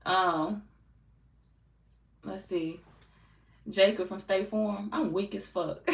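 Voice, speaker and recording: A woman from St. Louis with a local accent, a tarot reader chatting casually and bluntly with her live chat, cursing and laughing often. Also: medium pitch. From St. Louis, US Midwest. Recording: echoey room, distant mic, faint noise.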